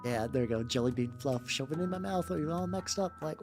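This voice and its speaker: Brisk and animated, a medium-pitched man barely pauses while chatting with his stream audience over his miniature painting. His talk is rambling, repetitive and sprinkled with swearing, with faint music behind him.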